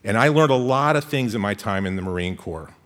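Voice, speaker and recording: A man telling a funny personal story on stage in a lively, playful way. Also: lowish voice, brisk. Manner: animated, playful comic delivery. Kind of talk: live comic storytelling.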